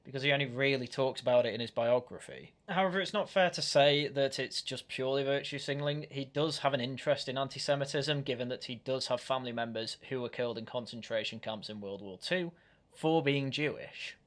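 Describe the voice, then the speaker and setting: A man's voice: mid-range voice, fairly quick, fairly bright tone. Argumentative male commentary host. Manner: critical, argumentative, frequently restarts. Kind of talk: reaction commentary.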